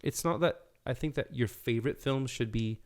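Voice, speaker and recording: A man's voice: medium pitch, moderate pace. A man chatting as a podcast guest, rambling with many restarts and fillers. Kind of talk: casual chat.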